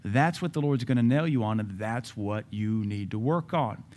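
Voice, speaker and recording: A male pastor delivers a sermon at a church service with an emphatic, driving delivery. He hammers his points home by repeating key words and phrases. His voice sits at an ordinary middle pitch for a man. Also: lively intonation, moderate pace, darkish tone.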